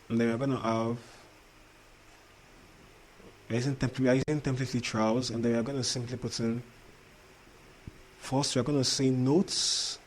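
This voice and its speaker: A man with an accent, teaching a coding tutorial while sharing his screen. He repeats himself and keeps asking if viewers understand. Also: mid-range voice. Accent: non-native English accent. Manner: repetitive, checks in often with "understand?". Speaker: coding instructor.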